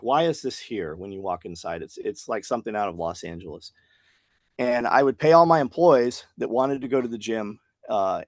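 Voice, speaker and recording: A man's voice: medium pitch, dry recording. Guy rambling through a story, does little voices for the people in it, dry close mic. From Tennessee, US. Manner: animated storyteller acting out quoted dialogue. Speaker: podcast guest, business owner. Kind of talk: casual storytelling interview.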